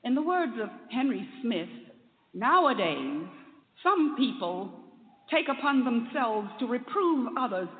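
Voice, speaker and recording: A woman reading a moral tale aloud on a radio sermon show in a slow, expressive storytelling manner. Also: on the high side. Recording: echoey phone line with long reverb.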